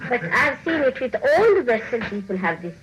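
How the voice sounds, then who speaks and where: A woman's voice: fairly high pitch, big pitch swings, moderate pace, noisy background. A woman giving a spiritual talk to her followers, scolding them playfully, laughing often and acting out the voices she quotes. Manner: teasing, scolding with frequent laughter. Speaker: spiritual teacher.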